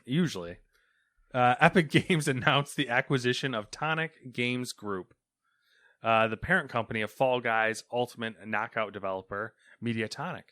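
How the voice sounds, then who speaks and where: A man's voice: mid-range voice, moderate pace, sharp tone, no room sound. A man co-hosting a casual gaming podcast, reading news items in a hesitant, self-deprecating manner. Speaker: podcast co-host.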